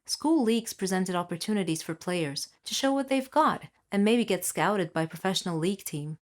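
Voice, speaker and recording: A woman's voice: mid-range voice, animated, normal speed. A young woman reading a first-person story in an upbeat, chatty manner. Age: young adult. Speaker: narrator.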